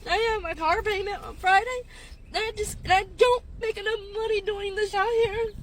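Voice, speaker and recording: A woman's voice: extremely high pitch, steady tone, moderate pace, a little hiss or hum. A woman in her fifties, stressed and tearful, venting to her phone from her car in a parking lot with nervous laughs. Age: 50s. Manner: distraught, breaking into nervous laughs. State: crying, stressed. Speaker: gig delivery driver venting on social media. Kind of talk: tearful vent to camera.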